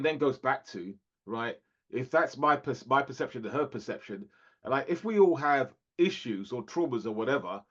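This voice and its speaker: A man's voice: medium pitch, highs cut off. A man co-hosting a podcast in casual chat, laughing often and restarting his sentences. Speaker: podcast co-host.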